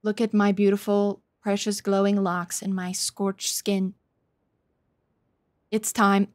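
A woman streaming a video game live, excitable and cursing freely, shouting in triumph and chatting to her viewers, a little out of breath. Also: mid-range voice, slow, no echo, clean studio sound. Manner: excitable, swears a lot, shouts and squeals in wins. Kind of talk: live gameplay commentary.

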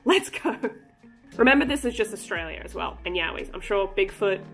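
A woman's voice: medium pitch, animated, fairly quick, a bit bright, faint music behind. A woman hosting a casual cryptid vlog, chatty and joking, breaking into giggly asides. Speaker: cryptid channel host.

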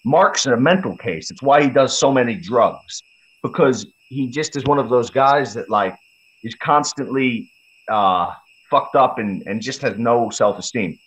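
A man's voice: mid-range voice, lively intonation, unhurried, fairly bright tone. A man, a podcast guest, telling a story in a blunt, heavily profane, casual way. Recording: slightly dull lo-fi audio.

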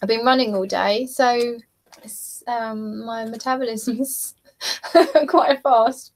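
Slow-talking British woman chatting live. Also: a little high, steady tone. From southeast England. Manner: chatty, giggly, reads out comments. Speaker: livestream host. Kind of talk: casual chat while painting.

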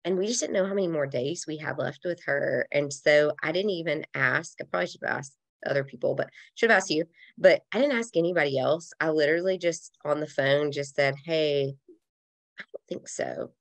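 Low, gravelly woman sharing a loss. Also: fairly quick, hardly any pauses, no echo. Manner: earnest, reflective, with casual fillers like "like". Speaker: podcast guest. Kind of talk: heartfelt conversational interview.

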